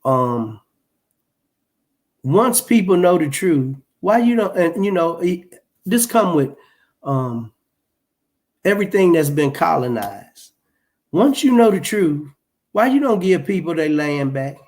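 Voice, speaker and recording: A man with a fairly high voice talks slowly and casually, winding through his points with restarts and fillers. He presses his points with emphatic rhetorical questions and the odd wry laugh. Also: sing-song, a little mellow. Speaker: live show commentator. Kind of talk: casual spoken commentary.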